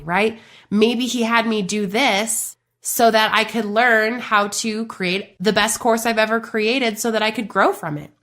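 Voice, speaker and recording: Thirtyish woman podcaster, crisp bright voice, chatty coaching talk to you guys. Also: a little high. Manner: animated, chatty, addresses listeners as you guys. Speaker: podcast host. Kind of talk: faith-based business coaching monologue.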